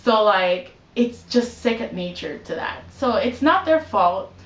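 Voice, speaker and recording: A woman's voice: mid-range voice, lively intonation, a little slow, echoey room, rough recording. A young woman giving casual advice in a vlog, chatty and full of "like" and "you know". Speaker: vlogger.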